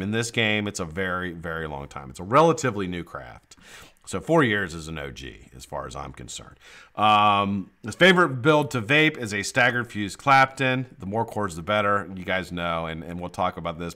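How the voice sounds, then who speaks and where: Animated male live-stream host. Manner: animated shout-outs to chat viewers, swears casually; laughs often, drops low and quiet when explaining. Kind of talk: casual live-stream chat.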